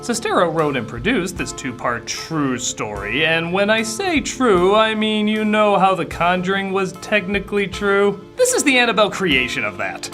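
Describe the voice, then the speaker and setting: A man as a bright, sarcastic film critic host. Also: sits high, sing-song, moderate pace, hardly any pauses, faint music behind, exaggerated voice. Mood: sardonic. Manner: sarcastic, exasperated, outbursts of yelling. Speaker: film review show host. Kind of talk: comedy sketch and review narration.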